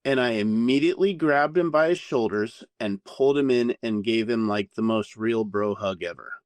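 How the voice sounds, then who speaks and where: A man telling a candid story as a podcast guest, animated and full of swearing. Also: mid-range voice, moderate pace, no room sound. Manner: profane, animated anecdote-telling.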